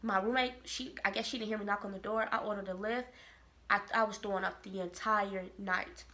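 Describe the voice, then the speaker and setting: A woman from Kansas City, telling a personal story to camera in a lively, expressive way. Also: medium pitch, fairly quick. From Kansas City, Missouri. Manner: animated, expressive storytelling with quoted voices. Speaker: vlogger. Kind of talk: casual storytelling.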